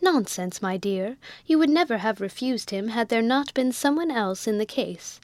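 A woman's voice: a little high, animated, normal speed, darkish tone, no room sound, natural voice. A woman reading the part of a wealthy, impatient and sentimental old lady who coaxes and presses eagerly, in a storybook reading. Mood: coaxing. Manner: eager, coaxing.

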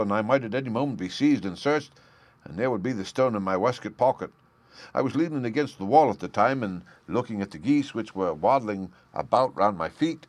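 A man's voice: lowish voice, no echo. A man reading aloud plays a frightened young thief pouring out a pleading confession, his voice raised and urgent.

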